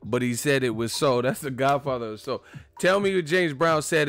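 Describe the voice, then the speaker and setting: A man hosting a video, ranting in a profane, animated, joking way. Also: mid-range voice, normal speed, no room sound, faint music behind. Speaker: video host. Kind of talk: casual comedic rant.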